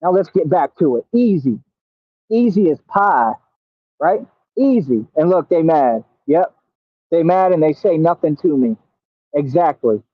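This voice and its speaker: A man's voice: a little high, animated, measured pace, long pauses, no echo. A man hosting a livestream, boastful and scolding, full of streetwise slang. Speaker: livestream host. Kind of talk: confrontational livestream talk. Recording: tinny phone-like dry audio.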